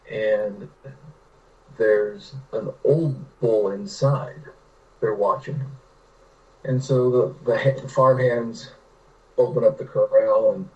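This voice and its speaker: A man's voice: on the low side, darkish tone, recorded from a distance, lo-fi sound. A man from California, a writer telling rambling anecdotes with many restarts in a casual interview. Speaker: guest, writer.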